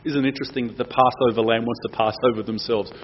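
A man preaching, reading scripture aloud and acting out the quoted lines with big swings in pitch and loudness. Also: steady tone, quick pace, a little hiss or hum. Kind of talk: sermon with dramatic scripture reading. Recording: dull lo-fi sound.

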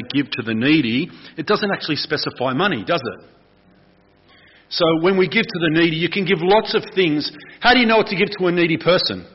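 Husky Australian man preaching. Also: fairly high pitch, muffled recording. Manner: lively, asks the congregation questions. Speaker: pastor. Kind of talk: conversational sermon.

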